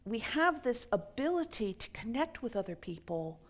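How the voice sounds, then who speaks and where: A woman minister telling a story in a sermon, measured, sometimes dropping to a hushed near-whisper. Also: on the high side, sing-song.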